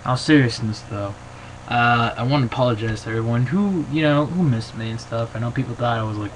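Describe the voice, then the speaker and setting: A man giving his opinions in a casual vlog to his camera. He rambles excitably and fills his talk with "you know". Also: medium pitch, brisk, a little hiss or hum, rough recording. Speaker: wrestling vlogger. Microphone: built-in camera mic.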